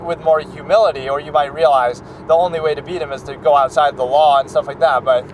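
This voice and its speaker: A film critic talks loosely and off the cuff, circling his point with "like"s and restarts. His voice is slightly high for a man. Faint traffic-like noise sits under him. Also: steady tone, quick pace, low-quality recording. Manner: rambling, full of "like" and restarts. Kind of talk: casual spoken commentary.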